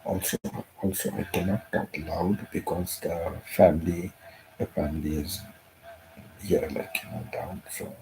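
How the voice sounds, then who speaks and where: Soft-spoken low gravelly man. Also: moderate pace, slight background noise, rough recording. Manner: soft-spoken, repeats himself, emotional. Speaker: channel host. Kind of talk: live stream chat.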